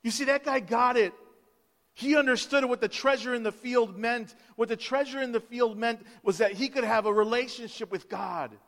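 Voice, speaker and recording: A male pastor preaching an Easter sermon with passion, swinging between hushed lines and loud outbursts. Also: very high-pitched, moderate pace. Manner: impassioned, swings from hushed to loud, acts out quotes. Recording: long hall reverb.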